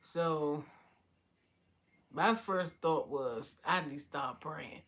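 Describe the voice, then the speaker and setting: A woman's voice: low voice, drawn-out words, a bit bright. A woman giving a heartfelt personal testimony, often repeating "you know". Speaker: vlogger telling her story.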